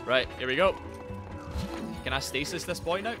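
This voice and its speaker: A Scottish man commentating his gameplay live, greeting viewers and yelling in panic when things go wrong. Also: on the high side, normal speed, pauses often, over loud music. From Scotland. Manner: excitable, yelps and shouts in panic, greets chat. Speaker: streamer.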